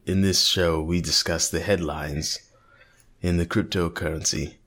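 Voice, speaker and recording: A man voicing a pompous male narrator from a library, doing a thin, watered-down British accent slowly. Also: sits low, fairly even intonation, fairly bright tone, exaggerated voice. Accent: put-on watered-down British. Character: male tweedy library narrator, mock-posh.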